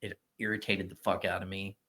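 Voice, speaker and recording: Loud, profane man storyteller. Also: sits low, little pitch movement, brisk. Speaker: gym owner and powerlifting coach. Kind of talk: casual podcast chat.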